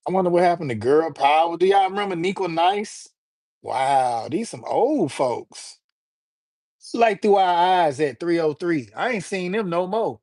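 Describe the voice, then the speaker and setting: Loose and joking, this man hosts a live stream and reacts to his chat with lots of slang. His voice sits high with lively intonation and a darkish tone, delivered at a measured pace without any echo.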